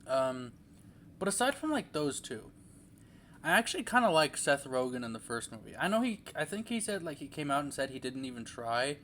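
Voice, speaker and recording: A man's voice: fairly high pitch, big pitch swings, brisk, a bit bright, slight background noise. Rambling young man reviewing a movie. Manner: rambling, hesitant, lots of fillers and restarts. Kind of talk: casual spoken movie review.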